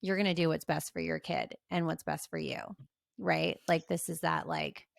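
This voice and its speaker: A woman podcast host reflecting in a relaxed way and swearing casually. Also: low-pitched, normal speed, creaky, dry recording, studio quality. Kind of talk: casual chat.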